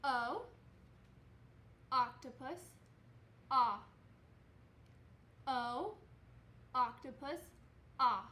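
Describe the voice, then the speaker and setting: A woman teaching second grade, speaking slowly and clearly with encouraging praise as she leads young children through a reading lesson. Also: high-pitched, pushed and bright, slight background noise. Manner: slow, clearly enunciated, encouraging teacher talk. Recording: roomy, echoey room.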